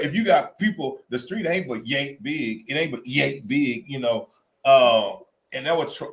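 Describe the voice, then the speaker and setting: Casual man telling weekend stories. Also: mid-range voice. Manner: animated storytelling, Southern colloquial. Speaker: co-host. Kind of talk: casual chat.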